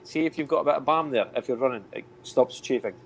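A man's voice: medium pitch, fast talker, noisy background. A Scottish man, a podcast host, in sweary, laughing, teasing casual banter. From Scotland. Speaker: podcast host, former footballer.

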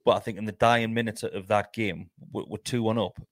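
A man's voice: lowish voice, fairly even intonation, fairly quick, no echo, clean studio sound. A man hosting a casual football podcast, swearing freely and leading the talk. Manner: swears freely, leads the discussion.

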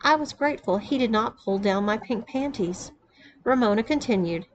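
A woman reading a first-person story aloud in an even, storytelling delivery. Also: on the high side, moderate pace, a little hiss or hum, low-quality recording. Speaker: narrator. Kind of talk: audiobook reading of an erotic memoir.

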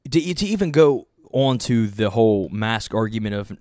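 A man's voice: fairly low pitch, lively intonation, moderate pace, a little mellow, no echo, studio quality. A man co-hosting a casual chat, ranting with heat, swearing a lot and restarting his sentences. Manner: rambling, heated, swears a lot, many restarts.

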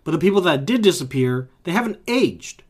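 A man co-hosting a podcast in casual chat, steady and steering the talk back on track. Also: a little high, brisk, slightly rough. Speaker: podcast co-host.

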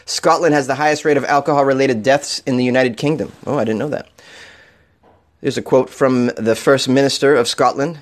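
A man's voice: mid-range voice, fairly even intonation, brisk. A man hosting an odd-news show, reading stories aloud and riffing on them with sarcastic, profane jokes and frequent laughter.

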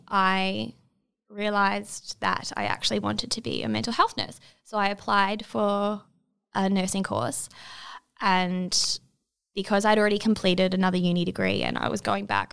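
A young woman in her twenties, giving a reflective, halting personal testimony in an interview. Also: medium pitch, gravelly, fairly bright tone, clean tone. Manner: reflective, halting, many fillers.

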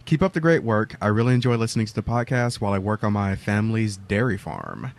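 A man's voice: fairly low pitch, sing-song, fast, creaky. A male podcast co-host from the southern United States, making wry remarks and reading listener mail aloud.

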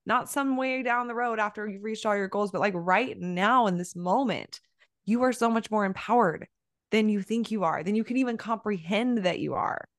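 A woman's voice: medium pitch, moderate pace, no room sound, clean studio sound. Earnest woman hosting a casual podcast. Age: 30s. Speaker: podcast host. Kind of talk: casual chat.

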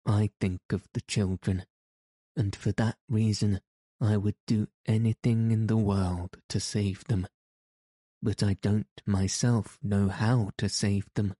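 A man's voice: on the low side, mellow, no echo, clean studio sound. A man reading the lines of a betrayed wife, cold and accusing, in an audiobook. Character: bitter betrayed wife, grown woman.

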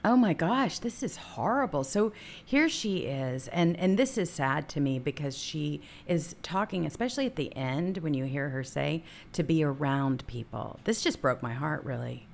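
A woman's voice: low voice, lively intonation, normal speed, creaky, few pauses, a little hiss or hum. A woman hosting a casual talk show, indignant and emphatic.

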